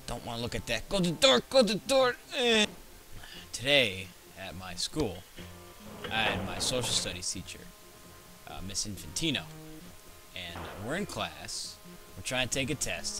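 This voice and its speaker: A man's voice: lowish voice, big pitch swings, moderate pace, bright, forceful tone. A teenage boy hosting his own gaming video, joking and rambling through stories as he plays. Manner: goofy, joking, rambling storyteller. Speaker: gaming channel host. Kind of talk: gameplay commentary. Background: game music.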